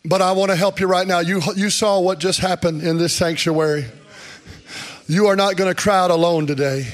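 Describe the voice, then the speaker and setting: A male preacher delivering an impassioned sermon in a church sanctuary, building to repeated shouted appeals to the congregation. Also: high voice, fairly even intonation, normal speed.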